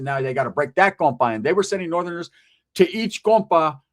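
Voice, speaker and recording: Guy, kinda high voice, blunt and cussing a lot, straight street talk monologue. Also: animated, brisk. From Southern California. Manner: blunt, emphatic, heavy swearing, street slang. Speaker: channel host. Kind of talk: casual monologue to camera.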